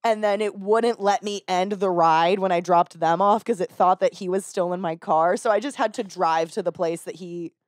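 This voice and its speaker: A woman telling a story in a casual podcast chat, animated and swearing casually, slipping into other people's voices with a higher pitch. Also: moderate pace, hardly any pauses, no echo, studio quality. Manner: animated, acts out people in her stories with raised pitch. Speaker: podcast talker and rideshare driver. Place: podcast studio.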